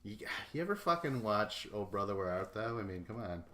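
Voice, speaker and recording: A man's voice: on the low side, big pitch swings, fairly quick, bright, forceful tone, slight background noise. A young man hosting a casual solo recap podcast, rambling and swearing, laughing often and acting out imagined dialogue. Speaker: podcast host.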